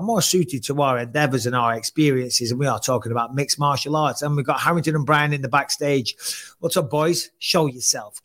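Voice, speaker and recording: A man hosting a casual combat-sports chat, emphatic and animated, often repeating himself. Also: mid-range voice. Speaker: podcast host. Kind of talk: casual fight-talk chat.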